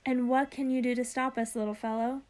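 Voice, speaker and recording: Donald Duck, a woman reading a loud excitable duck. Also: on the high side, a little fast, soft background music, lightly acted. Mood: excited. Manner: loud exclamations. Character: cocky cartoon duck, excitable male.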